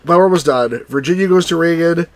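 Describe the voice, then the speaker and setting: A man from New Jersey chatting wryly through a live game stream, now and then cheering out loud. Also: a little high, fast talker, slight background noise. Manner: chatty, wry, bursts into excited cheers. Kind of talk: live let's-play commentary.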